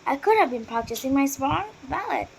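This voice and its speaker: A woman reading aloud, voicing a cheerful, gentle schoolgirl friend with a light, teasing manner. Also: high voice, animated, fairly quick, gravelly, a little hiss or hum, low-quality recording.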